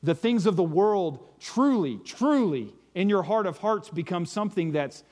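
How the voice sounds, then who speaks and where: Brief: earnest male preacher, fairly high-pitched, conversational sermon delivery, stops to check listeners follow. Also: lively intonation, normal speed, hardly any pauses, a little mellow. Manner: earnest, searching for words, often checks "do you see what I'm saying". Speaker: Christian teacher.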